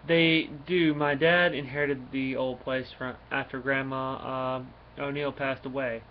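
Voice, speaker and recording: A man's voice: medium pitch, level tone, measured pace, lightly acted. Man voicing a young apologetic hostess in a plain read-aloud delivery, faint background noise. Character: young woman hosting friends, apologetic. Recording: dull lo-fi recording, faint noise.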